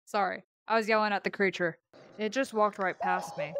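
A young woman playing horror games on her channel, gasping and reacting out loud as she goes. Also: medium pitch, a little fast, background noise. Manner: excitable, yelps and gasps. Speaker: gaming YouTuber.

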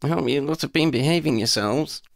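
A woman's voice: deep voice, a little fast, creaky, no room sound, clean studio sound, voice pushed up. A man voicing a confident, playful young witch who leads her friends with wry teasing.

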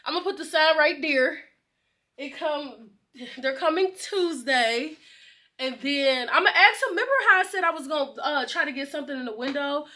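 Young woman vlogger, high and bright, excitable and slangy, laughs a lot. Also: moderate pace. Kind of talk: casual vlog chat.

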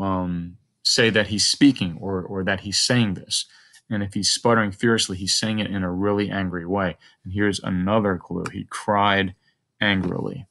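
A man's voice: on the low side, fairly bright tone. A male teacher reading a story aloud to children, thinking aloud and asking the listener questions as he models a close read.

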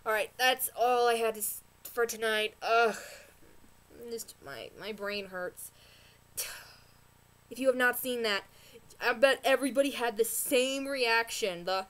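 A woman vlogger ranting casually about a TV episode, excitable and rambling, gasping and exclaiming as she talks. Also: on the high side, unhurried, pauses often. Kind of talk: casual rant review.

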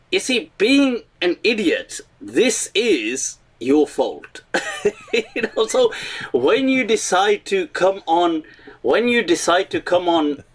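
A man's voice: a little high, slightly rough. A man giving mocking commentary, telling a story with frequent laughter and Urdu phrases mixed into his English. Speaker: online commentator.

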